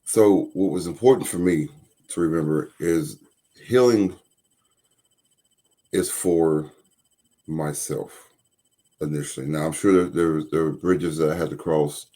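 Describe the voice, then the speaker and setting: A man co-hosting a faith podcast, speaking slowly and haltingly, with many pauses and restarts. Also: very deep voice, dark tone. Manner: hesitant, many ums and restarts. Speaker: podcast co-host. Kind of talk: faith-based podcast talk.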